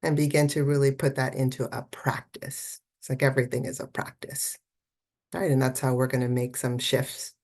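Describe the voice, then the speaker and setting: A woman's voice: rumbling low, little pitch movement, moderate pace, darkish tone. A woman art therapist giving a festival talk, encouraging and conversational, often checking in with "right?".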